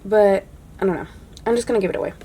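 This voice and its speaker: A young adult woman chatting casually through a makeup declutter, full of "like" and dropping to a soft hush when admiring products. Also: mid-range voice, racing, a little hiss or hum. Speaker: beauty vlogger.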